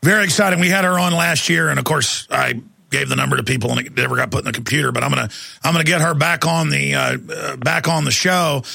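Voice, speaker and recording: Gravelly, bright-voiced male talk host. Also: mid-range voice, fast talker. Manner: mocking, rambling, jokey. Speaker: radio talk show host. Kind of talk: casual talk show banter.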